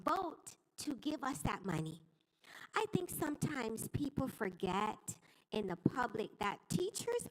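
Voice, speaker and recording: A woman's voice: a little high, poor audio. An older woman, a veteran teacher, making an earnest, impassioned plea during public comment at a school board meeting. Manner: earnest, pleading, rising with emotion.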